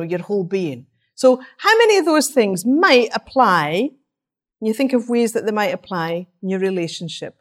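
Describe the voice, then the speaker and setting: A woman preaching an interactive sermon. She talks in a conversational teaching manner, asking rhetorical questions and pausing to let listeners talk among themselves. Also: medium pitch.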